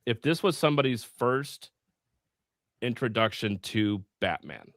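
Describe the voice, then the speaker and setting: A man's voice: medium pitch, lively intonation, slow pace, no room sound, clean studio sound. A man co-hosting a casual comic chat, blunt and sarcastic, swearing freely.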